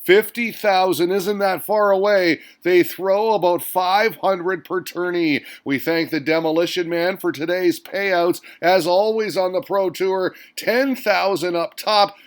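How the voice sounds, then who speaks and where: High-voiced, upbeat darts recap host man. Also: fairly even intonation, a little slow, hardly any pauses. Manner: upbeat and playful, with punchy exclamations. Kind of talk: scripted sports recap narration.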